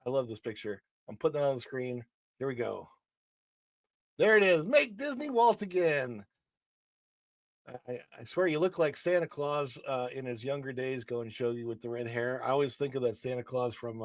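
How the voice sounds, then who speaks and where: A man's voice: mid-range voice, fairly quick, dry recording. A man hosting a casual livestream show from a home studio, chatting loosely and answering viewers in the chat. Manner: chatty, rambling, reads the chat aloud.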